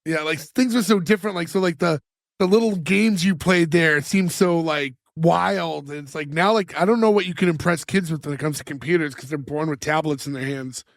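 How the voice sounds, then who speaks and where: High-voiced man rambling casually. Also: a little fast, gravelly, dry recording. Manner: rambling, filler-heavy recaps with put-on quotes. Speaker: podcast co-host. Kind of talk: casual chat.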